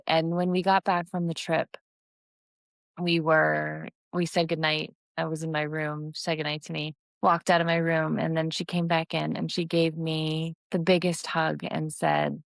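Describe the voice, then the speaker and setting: A woman's voice: sits low, steady tone, a little slow, gravelly, a bit bright, dry recording. Candid, swearing woman podcast host. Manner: candid, rambling, swears freely. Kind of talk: casual solo podcast monologue.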